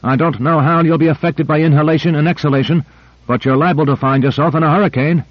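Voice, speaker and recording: A man voicing a calm male physician who explains things in a measured way, in an audiobook reading. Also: on the high side, no room sound, voice pushed up, lightly acted. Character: calm, knowledgeable male physician guiding by radio. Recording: dry, slightly dull lo-fi.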